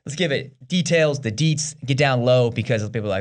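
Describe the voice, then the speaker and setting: Energetic, slangy man, quick delivery. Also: mid-range voice. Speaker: podcast co-host. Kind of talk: casual faith podcast chat.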